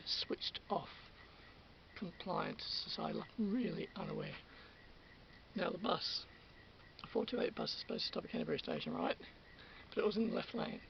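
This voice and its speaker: Australian man, gravelly voice, lively swooping pitch, rambling and indignant, slightly dull lo-fi sound. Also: a little hiss or hum. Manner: rambling, repetitive restarts, indignant. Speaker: channel host. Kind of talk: rambling casual monologue.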